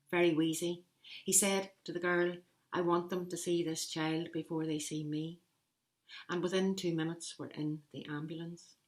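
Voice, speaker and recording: A woman's voice: lowish voice, lightly acted. A woman poet voicing a plain-spoken Belfast woman, telling a story bluntly in an attempted Belfast accent.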